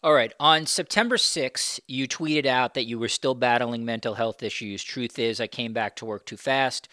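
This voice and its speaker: A man interviewing a guest, asking careful, measured questions. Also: mid-range voice, sharp tone, clean tone, dry recording, clean studio sound.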